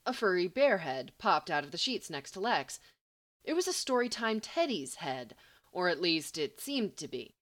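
A woman narrating a story in an expressive storytelling manner. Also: mid-range voice. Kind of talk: audiobook narration.

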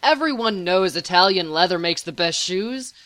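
A woman's voice: lowish voice, lively intonation, normal speed, fairly bright tone, no room sound. A woman voicing an irritated young man who protests and huffs. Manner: protesting, huffy. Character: irritated young male patient, huffy.

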